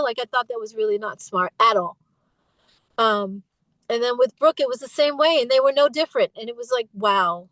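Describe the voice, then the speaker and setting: Woman, middle-aged, high voice, candid interview guest, emphatic storytelling, dry close sound. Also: a bit bright, no echo, poor audio. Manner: emphatic, impassioned, imitates voices when retelling.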